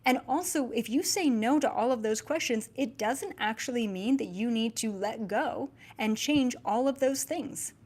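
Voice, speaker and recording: A young woman hosting her own channel, chatting to viewers in a casual, animated monologue with fillers and asides. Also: fairly high pitch, moderate pace, hardly any pauses. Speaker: spiritual channeler and channel host.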